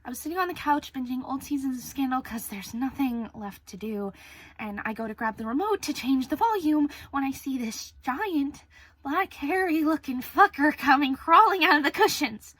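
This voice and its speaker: A woman's voice: high-pitched, lively intonation, normal speed, a bit bright, dry recording. An actress playing a young woman alone in lockdown and terrified of a spider, venting and swearing in a frazzled stage monologue. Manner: frazzled, swearing, venting, drops to near whispers.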